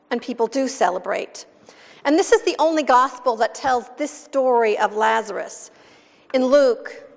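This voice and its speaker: Woman pastor reading scripture slow and steady, bit high, gravelly, big echoey church. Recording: long reverb in a large hall.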